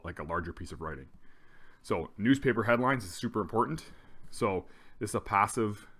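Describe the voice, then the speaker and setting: A male teacher explaining a grammar lesson in a relaxed way, often restarting his sentences. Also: sits low.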